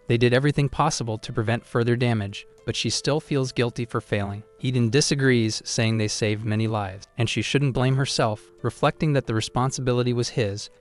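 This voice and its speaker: Male recap narrator, mid pitch, steady scripted read, faint music bed.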